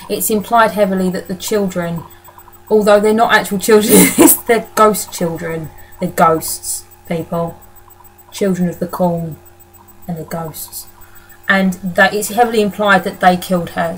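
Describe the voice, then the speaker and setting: A woman's voice: on the low side, poor audio. Woman, film reviewer, rambling casual talk, frequent swearing, faint background noise. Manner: rambling, swears freely, laughs often. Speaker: movie reviewer. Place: indoor room.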